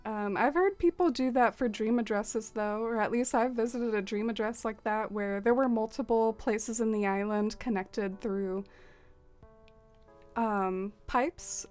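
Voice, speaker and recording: A woman hosts a casual game livestream, chatting with viewers as she plays, using lots of fillers and laughing often. Her voice is on the high side with a darkish tone.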